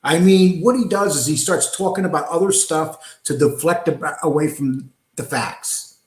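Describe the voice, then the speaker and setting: A man's voice: on the high side, normal speed. A man hosting reaction commentary in a scornful, dismissive way. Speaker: commentary channel host. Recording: echoey room.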